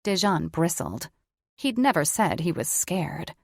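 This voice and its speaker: A woman narrating a fantasy romance audiobook in a measured storytelling manner. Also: low-pitched, sing-song, vocal fry, a little mellow, dry recording, studio quality. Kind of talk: scripted fiction narration.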